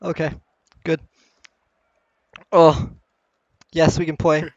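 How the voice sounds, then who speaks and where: A man's voice: a little high, little pitch movement, slow pace, dry recording. A man casting a live-streamed tournament in casual, playful commentary, often laughing at himself. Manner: playful, giggly, self-mocking. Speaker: esports tournament caster. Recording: dull lo-fi stream mic.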